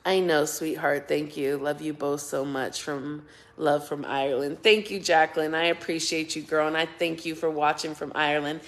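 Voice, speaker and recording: This middle-aged woman hosts a casual livestream, reading viewer comments, chatting, thanking people by name and laughing often. Her voice is low with fairly even intonation, and she talks at normal speed with hardly any pauses.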